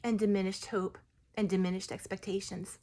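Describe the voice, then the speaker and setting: A woman voicing a humble, gentle ancient tree spirit, speaking softly, solemnly and slowly. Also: medium pitch, little pitch movement, voice pushed down, natural voice. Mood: solemn, tender. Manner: soft, solemn, slow and hushed.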